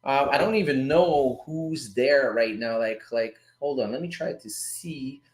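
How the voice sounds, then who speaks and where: A man of medium pitch talks a little slowly in an echoey room while hosting an informal forex livestream. He breaks down trades in a loose, chatty way, swearing every so often and calling his audience "guys" and "dude."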